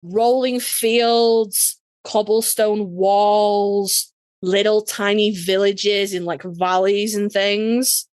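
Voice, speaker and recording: A woman's voice: mid-range voice, extremely slow, smooth, no echo, studio quality. A woman from Yorkshire with a Yorkshire accent, telling a story in a casual podcast chat, sassy and full of swearing. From Yorkshire, England. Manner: sassy, profane, animated storyteller. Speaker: podcast guest.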